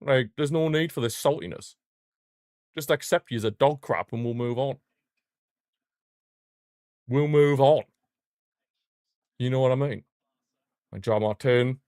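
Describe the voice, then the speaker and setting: Excitable fan streamer, dry close mic. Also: male voice, medium pitch, moderate pace, no room sound. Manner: excitable fan, bursts into shouting at goals. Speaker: football watchalong streamer. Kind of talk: live match watchalong commentary.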